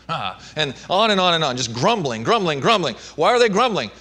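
A man preaching a sermon, shifting between emphatic and hushed delivery. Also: a little high, expressive, moderate pace, few pauses. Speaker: pastor.

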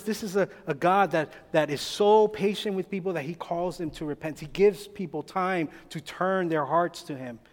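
Guy preaching a sermon, high voice, leans hard on his words, big reverby hall. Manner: emphatic, rising to pleading bursts.

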